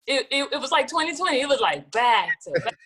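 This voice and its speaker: Woman guest singer, lively storyteller who slips into voices when quoting people. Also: sits high, fast talker, breathy edge. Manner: animated, acts out quoted dialogue. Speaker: gospel singer-songwriter guest. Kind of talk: casual storytelling interview.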